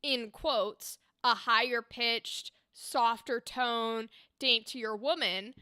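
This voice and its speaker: A young woman voice actor chatting casually on a livestream, animated and explaining with demonstrations. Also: a little high, drawn-out words, smooth, no room sound, clean studio sound. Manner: animated, talks with her hands, explains with demonstrations. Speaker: streamer and voice actor. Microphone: desk microphone.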